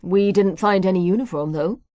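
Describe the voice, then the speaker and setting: A woman's voice: mid-range voice, normal speed, warm tone, dry recording, natural voice. A woman voicing a friendly young man, eager and chatty.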